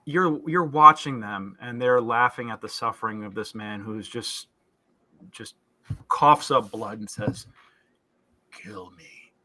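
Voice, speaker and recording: A man's voice: mid-range voice, moderate pace, few pauses, sharp tone. A man narrating as game master, describing scenes in a loose, searching way with fillers and restarts.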